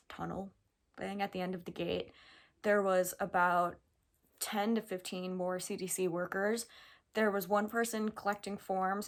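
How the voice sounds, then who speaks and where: A young American woman vlogger tells a personal story directly to camera, chatty and animated, with casual fillers as she relives each step. Her voice is medium-pitched, and the whole thing feels easy and unscripted.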